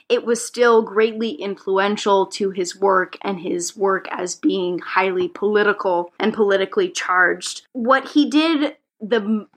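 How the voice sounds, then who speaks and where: A woman co-hosting a casual podcast, chatty and quick to giggle, presenting from her notes. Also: mid-range voice, a bit bright. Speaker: podcast co-host.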